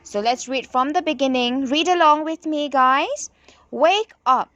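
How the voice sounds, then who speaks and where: A woman's voice: high-pitched, moderate pace, fairly bright tone, no echo, dull audio. A woman teacher with a Mizo accent, explaining an English children's poem to her students in a sing-song classroom reading voice. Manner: sing-song reading with exaggerated rises and drops.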